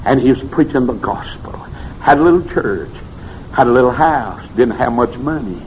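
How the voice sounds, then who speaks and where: A man preaching a revival sermon, telling stories and swinging between shouted peaks and hushed low passages. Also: animated, moderate pace, slight background noise, low-quality recording.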